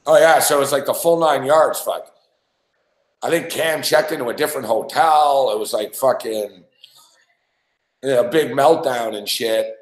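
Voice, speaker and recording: A sports talk host with a medium-pitched voice spins a long, loose story at a moderate pace, swearing freely and doubling back on himself. He laughs a lot as he rambles through this casual chat, and the room around him echoes.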